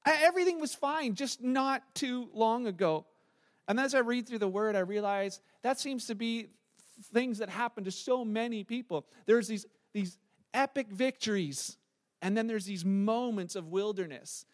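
A man in his thirties delivers a sermon, retelling a scripture story with animated energy and slipping into the voices of the people he quotes. His voice sits high for a man, bright and easy to follow. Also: normal speed. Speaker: pastor.

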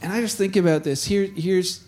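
A man with a notably high voice preaching to his congregation. He talks like he is chatting with friends, animated and warm in his storytelling, often restarting a phrase or slipping in a chuckle. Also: moderate pace. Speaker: pastor. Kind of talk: conversational sermon.

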